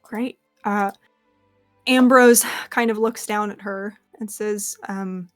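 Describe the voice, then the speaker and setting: A woman's voice: medium pitch, fairly even intonation, slow pace, faint music behind. A young woman narrating a tabletop role-playing game as game master, casual and loose, filling her speech with "like". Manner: casual, filler-heavy, lots of "like".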